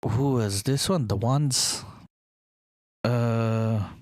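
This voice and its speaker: A man's voice: medium pitch, very slow, darkish tone, no echo. A young man rambling in casual chat, enthusiastic and swearing casually as he talks about a TV series. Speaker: vlogger.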